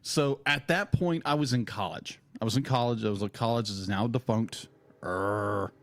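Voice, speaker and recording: A man's voice: medium pitch, normal speed, fairly bright tone. A young man co-hosting a podcast in casual chat, rambling and repeating himself, laughing often. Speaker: podcast co-host.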